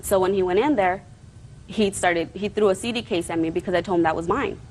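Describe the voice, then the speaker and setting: A woman's voice: mid-range voice, fairly quick, a little mellow, slight background noise, low-quality recording. A woman plaintiff giving courtroom testimony in an earnest, rambling way, defensive when challenged.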